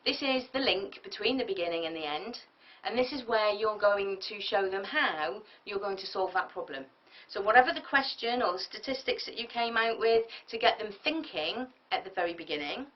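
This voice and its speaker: Lively woman coaching, distant lo-fi. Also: mid-range voice. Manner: lively, emphatic, acts out example lines. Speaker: public speaking coach. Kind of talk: tutorial lecture. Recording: distant mic, dull lo-fi sound.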